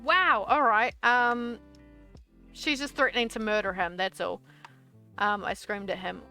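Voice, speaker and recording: Bright-voiced young woman reading aloud. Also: medium pitch, fairly even intonation, a little slow, soft background music. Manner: reads in bursts, breaks off into exasperated swearing asides. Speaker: streamer. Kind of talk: reading her old story aloud with commentary.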